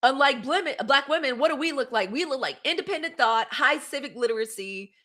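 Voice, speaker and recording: A woman hosts an easygoing livestream in a high voice at a fairly quick pace. In an animated way, she provides commentary and reads live comments out loud.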